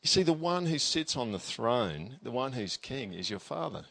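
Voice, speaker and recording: A man's voice: medium pitch, big pitch swings, moderate pace, gravelly, fairly bright tone. Male pastor, mid-range voice, casual sermon delivery, emphatic scripture reader. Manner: conversational preaching, with many tag questions; emphatic, reads scripture aloud.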